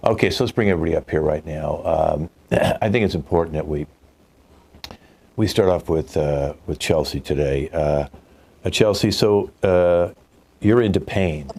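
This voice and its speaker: A man's voice: a bass voice, moderate pace, dark tone, slightly rough. An older man hosting a live online improv show, joking with dry asides and rambling a little. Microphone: video call mic.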